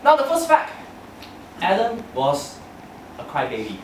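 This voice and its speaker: A lively young man with a slightly high, swooping voice tells funny stories about himself and often laughs mid-sentence. He is heard from some distance in an echoey meeting room, with clear background noise. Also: measured pace. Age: young adult. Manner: animated storyteller, laughing through his lines. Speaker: club speaker giving a personal speech. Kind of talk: humorous prepared speech. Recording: echoey room from far off, noisy.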